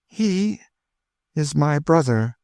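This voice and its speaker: A man voicing a refined woman traveller, eager and emotional, lifted well above his own low register. Her questions come quick and searching, with a dry, close sound. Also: animated, a little mellow, no room sound, natural voice. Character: grieving freed woman seeking her brother.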